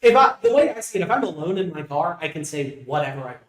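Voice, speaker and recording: A man co-hosting a podcast in casual debate, relaxed and jokey as he pushes back on his co-host. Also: fairly high pitch, quick pace. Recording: roomy echo.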